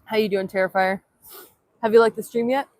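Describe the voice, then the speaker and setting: A woman's voice: mid-range voice, fairly even intonation, brisk, a little mellow, dry recording. A young woman chatting casually on a livestream outdoors at sunrise, reading chat aloud in a playful way, filmed on a handheld phone. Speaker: livestream vlogger.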